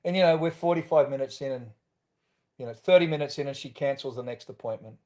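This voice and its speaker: A man's voice: medium pitch, fast, a little mellow. A man with an Australian accent, a podcast guest telling his own story candidly and acting out the voices he quotes.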